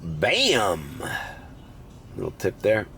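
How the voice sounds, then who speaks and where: A man's voice: deep voice, wildly swooping pitch, drawn-out words, a bit bright. A young man, congested and sniffly, chatting casually and swearing a lot while driving at night for a rideshare vlog. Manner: laid-back, swears often, says bro. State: congested, runny nose. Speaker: rideshare driver vlogger. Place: inside a car at night. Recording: faint road and car noise.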